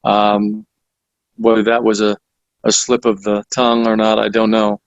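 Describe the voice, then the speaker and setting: A man's voice: fairly low pitch, completely flat delivery, normal speed, dry recording, lo-fi sound. A man, the guest author, recounting stories in conversational interview style, with frequent restarts and fillers. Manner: storytelling with many restarts and fillers.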